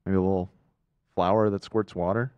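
A man's voice: deep voice, steady tone, fairly quick, muffled recording, background noise. A man co-hosting a podcast, in casual banter, making dry teasing jokes. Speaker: podcast co-host.

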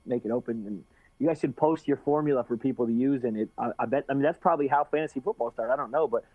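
A man's voice: mid-range voice, fast, no room sound. Man, fighter guest, casual rambling, frequent restarts, swears freely, tinny phone-like dry sound. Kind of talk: casual interview chat.

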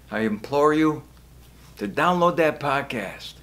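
A man's voice: on the high side, expressive, moderate pace, a bit bright. A man vlogging straight to camera about his podcast, emotional and imploring, raising his voice now and then. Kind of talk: casual direct-to-camera vlog. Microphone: camera facing him.

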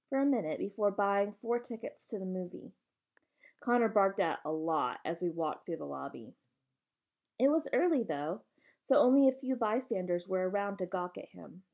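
Gravelly woman reading a novel aloud. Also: mid-range voice, moderate pace. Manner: steady first-person narration. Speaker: reader.

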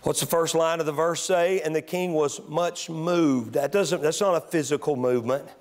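Male pastor, high pitch, preaching sermon that swings from quiet teaching to shouting. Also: steady tone, normal speed. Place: church sanctuary.

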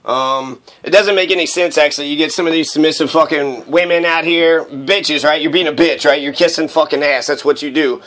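A man with a fairly high speaking voice rants in a loose, rambling solo monologue. He swears constantly and stumbles through fillers as he talks. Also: fairly even intonation, fairly quick, few pauses, fairly bright tone, poor audio. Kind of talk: casual profane monologue.

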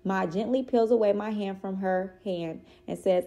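A woman reading a children's chapter book aloud in a steady, expressive way. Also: mid-range voice, normal speed. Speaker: reader.

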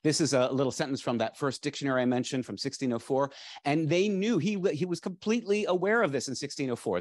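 A man's voice: mid-range voice, quick pace. Enthusiastic man giving a lecture. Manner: enthusiastic, digressive, with frequent restarts and fillers. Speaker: lecturer, dictionary editor. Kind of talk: public lecture to a live audience. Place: library lecture space.

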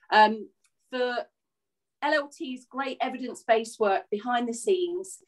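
A woman's voice: mid-range voice, low-quality recording. A woman co-hosting an online exercise class, reading out a thank-you message on a video call with some hesitant fillers.

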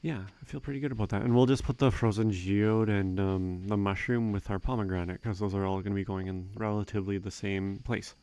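A young man giving relaxed, rambling gameplay commentary, thinking aloud with frequent fillers. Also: on the low side, a little fast, hardly any pauses, smooth. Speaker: let's play gamer.

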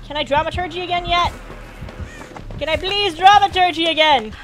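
A woman's voice: very high-pitched, moderate pace, faint music behind. A woman giving casual, jokey commentary while streaming a video game, talking to the characters on screen. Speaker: gameplay streamer.

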